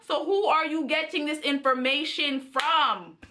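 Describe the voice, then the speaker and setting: A young adult woman telling a story to her viewers in a chatty, animated way. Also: high-pitched, measured pace, a little hiss or hum. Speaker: vlogger. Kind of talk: casual storytime.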